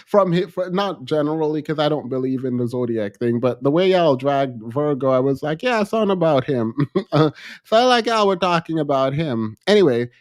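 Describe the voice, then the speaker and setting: At a moderate pace and fairly high pitch, a man from Jamaica hosts a livestream in a Jamaican accent, casually chatting and reading comments out. Animated and playful, he repeats himself and laughs often.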